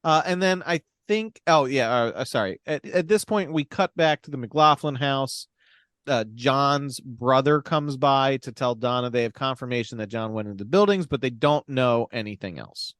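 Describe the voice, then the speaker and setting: Recapping a movie on a podcast, a male co-host tells the story wryly in casual, profane chat packed with fillers. His mid-range voice moves at normal speed, fairly bright and smooth, in an echo-free studio-quality recording.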